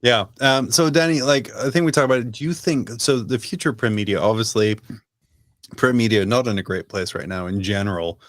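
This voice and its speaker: A man's voice: mid-range voice, a little fast, fairly bright tone, no room sound. A man co-hosting a podcast in casual chat, steering the talk with questions. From United Kingdom. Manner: leads the discussion with questions. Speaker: podcast co-host.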